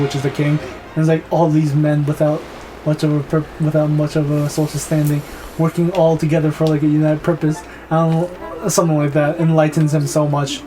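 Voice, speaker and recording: High-voiced rambling young storyteller. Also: male voice, warm tone, a little hiss or hum, low-quality recording. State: sore throat. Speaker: co-host of a gaming channel. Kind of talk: casual chat while gaming.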